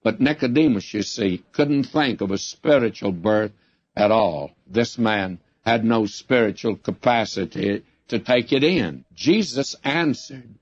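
A man's voice: fairly low pitch, expressive, unhurried, dry recording. Man, sermon preacher, storytelling delivery, dull lo-fi sound, dry close recording. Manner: storytelling, acting out quoted lines.

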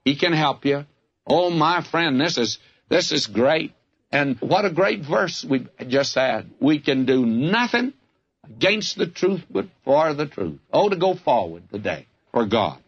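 A man's voice: fairly high pitch, sing-song, a little slow, slightly rough, dull audio. An older man with a Southern US accent, preaching a folksy, fervent radio sermon that keeps calling the listener "friend". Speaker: radio Bible teacher.

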